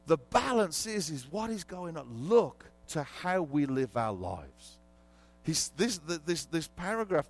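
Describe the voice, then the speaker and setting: A man preaching a sermon as pastor, telling an animated story and quizzing the congregation. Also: a little high.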